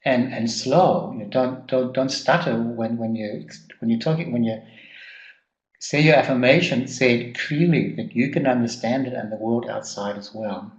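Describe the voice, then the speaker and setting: Man teaching a workshop, echoey room. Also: medium pitch. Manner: halting, repeats words, many ums. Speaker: personal growth trainer.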